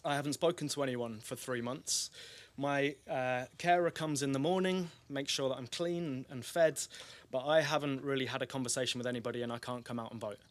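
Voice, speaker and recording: A man voicing a frail, lonely old man in his eighties with a Scottish accent, gentle and wistful. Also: medium pitch, brisk, natural voice. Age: older.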